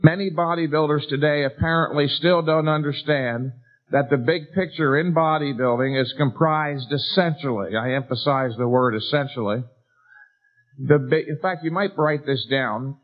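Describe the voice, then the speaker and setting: A middle-aged man giving a bodybuilding seminar lecture, emphatic and lecturing, with rhetorical questions to a live audience. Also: mid-range voice. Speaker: seminar speaker. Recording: tinny lo-fi 1990s lecture recording.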